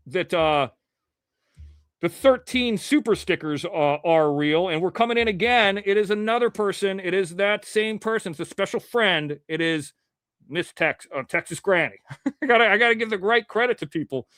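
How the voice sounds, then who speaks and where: High-voiced rambling male show host. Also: animated, normal speed, fairly bright tone, dry recording, studio quality. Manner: rambling, joking, greets viewers. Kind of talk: casual live-stream chat.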